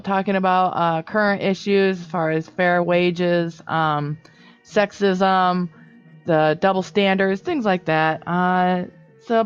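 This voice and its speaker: A woman's voice: medium pitch, clean tone. A young adult woman co-hosting a podcast, talking earnestly and rambling a little in casual chat. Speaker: podcast co-host. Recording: slightly dull lo-fi audio.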